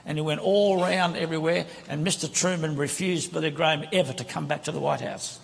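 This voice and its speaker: A guest preacher delivers a sermon from the pulpit of a large church sanctuary, preaching in an impassioned, conversational way into a handheld microphone. His voice is on the high side and creaky, with fairly even intonation and a brisk pace. The reverberant hall holds a congregation, with slight background noise.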